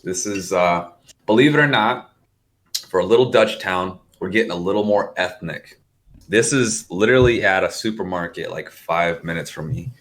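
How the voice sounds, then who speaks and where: A man's voice: sits low, moderate pace, a bit bright. An American man chatting as a podcast guest, easygoing, laughing often and swearing freely. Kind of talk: casual podcast chat.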